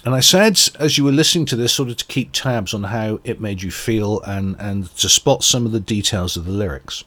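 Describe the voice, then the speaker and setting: A man's voice: lowish voice, brisk, a bit bright. A man giving a reflective, earnest radio album review and searching for words as he goes. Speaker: music reviewer.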